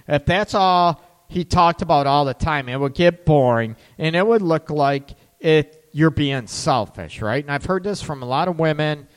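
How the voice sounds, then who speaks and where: A man with a fairly high, very lively voice gives frank, joking relationship advice on a live stream and laughs often. His voice rings out with a long reverb. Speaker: relationship coach.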